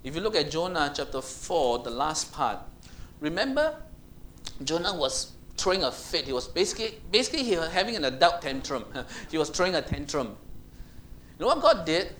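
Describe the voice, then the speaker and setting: A man preaching a sermon in an animated way, asking the congregation questions and acting out Bible voices. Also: a little high, moderate pace, a little hiss or hum.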